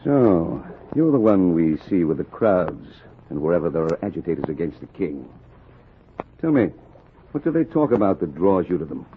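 An actor playing a stern British naval captain who threatens a ship's crew, in old radio drama acting. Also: male voice, sits low, big pitch swings, moderate pace, slight background noise. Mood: threatening. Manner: cold, threatening. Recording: tinny lo-fi old radio recording.

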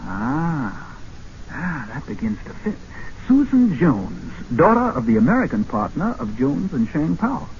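An actor playing a confident, gallant adventurer who talks in a breezy, wisecracking way. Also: male voice, a little high, huge pitch swings, measured pace, a little mellow. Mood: wry. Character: cocky, gallant American adventurer, male. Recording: muffled old film soundtrack, faint hiss.

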